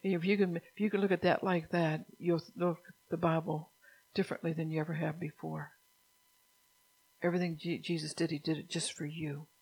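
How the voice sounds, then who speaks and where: A middle-aged woman delivers a fervent sermon, scolding her listeners and pushing into loud, emphatic bursts. Her pitch stays narrow and flat even as the volume climbs. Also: a little fast, husky. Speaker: preacher.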